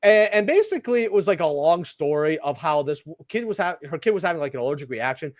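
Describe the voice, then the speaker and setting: Animated young man telling rambling stories. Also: a little high, quick pace, no echo, clean studio sound. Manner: rambling, animated, lots of "right?" and asides. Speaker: channel host opening trading cards. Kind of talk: casual storytelling while opening packs.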